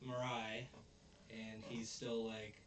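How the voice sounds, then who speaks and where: A man's voice: lowish voice, completely flat delivery. Man, casual anime recap host, rambling retelling, distant mic, roomy echo, faint hiss. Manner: rambling retelling, puts on quick character voices.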